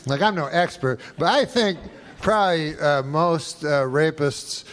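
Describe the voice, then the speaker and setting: A man performing a stand-up routine on a comedy club stage, rambling slowly and swearing crudely. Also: a little high, a bit bright. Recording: noisy live club recording.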